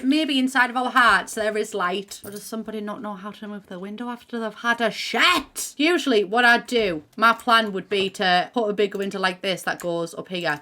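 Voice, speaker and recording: A woman's voice: medium pitch, pushed and bright. A woman from Middlesbrough with a Teesside accent, giving chatty, sweary, self-mocking commentary while playing a building game. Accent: Teesside English. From Middlesbrough, England. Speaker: gaming YouTuber. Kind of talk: gameplay commentary.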